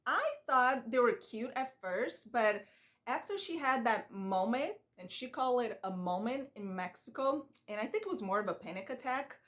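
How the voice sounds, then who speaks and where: A woman's voice: fairly high pitch, lively intonation, normal speed, fairly bright tone. Chatty opinionated woman vlogger. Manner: chatty, opinionated, mimics people she talks about. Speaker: reaction vlogger. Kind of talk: casual recap commentary.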